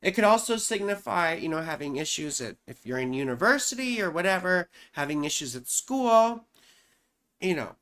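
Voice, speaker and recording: A woman's voice: low-pitched, fairly bright tone. A woman astrologer explaining horoscopes in a loose, chatty way, often saying "you know" and "right?".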